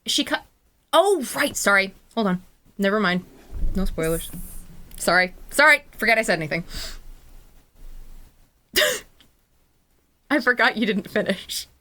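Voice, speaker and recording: A woman's voice: medium pitch, very animated, a little slow, long pauses, bright, forceful tone. A woman streamer, bubbly, rambling and apologetic, chatting casually while signing off.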